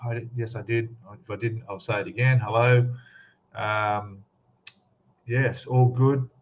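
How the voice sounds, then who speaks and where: A man with a mid-range voice hosts a casual live stream, greeting viewers one by one by name as he chats. His tone is steady and his pace measured. The lo-fi recording sounds slightly dull, with a little background noise.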